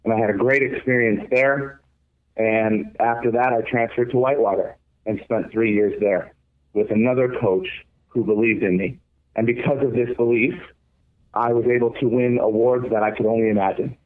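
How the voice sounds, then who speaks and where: A man in his twenties, a former college pitcher, telling his story earnestly and reflectively in an interview. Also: fairly even intonation, normal speed. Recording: tinny phone-like line.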